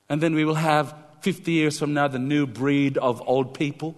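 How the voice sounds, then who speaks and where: A man preaching a sermon, animated and emphatic, repeating key lines. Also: fairly high pitch, normal speed, hardly any pauses, big-room sound. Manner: animated storytelling, emphatic repetition.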